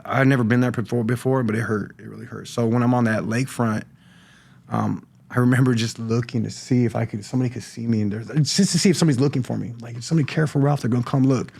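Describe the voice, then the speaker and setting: A middle-aged man giving a personal testimony on a podcast, talking in a halting way with many restarts and repeated words. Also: mid-range voice, creaky, a little mellow. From California. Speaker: podcast guest sharing recovery story. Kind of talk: personal testimony, casual talk.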